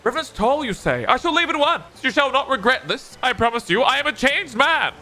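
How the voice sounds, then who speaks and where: A man's voice: very high-pitched, very animated, a little fast, bright, forceful tone, pitched above the performer's own voice, heavily acted. A man with an Australian accent reading the lines of a remorseful former convict, a whaler, in earnest, old-fashioned formal speech.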